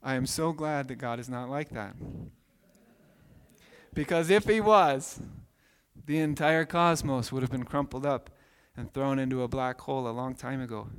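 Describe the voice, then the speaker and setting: Pastor guy in his 30s giving a sermon, animated stories, echoey church hall. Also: medium pitch, normal speed, clear, resonant tone. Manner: storytelling, animated, acts out voices. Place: church sanctuary. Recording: long hall reverb.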